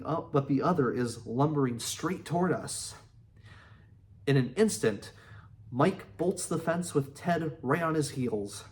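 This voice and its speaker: Earnest man reading a memoir aloud. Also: medium pitch. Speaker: audiobook reader.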